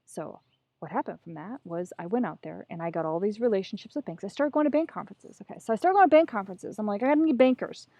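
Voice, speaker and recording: Animated middle-aged woman telling a story. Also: medium pitch, quick pace, no echo. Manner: animated, acts out voices, profane. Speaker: podcast guest. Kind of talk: casual storytelling.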